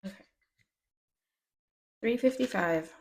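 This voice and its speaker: A woman talks casually to camera as a budgeting vlogger, chatty and a little sarcastic. Her voice sits at a middle pitch as she counts bills aloud at an easy pace. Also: animated, takes it slowly, poor audio. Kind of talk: casual chat to camera while counting cash.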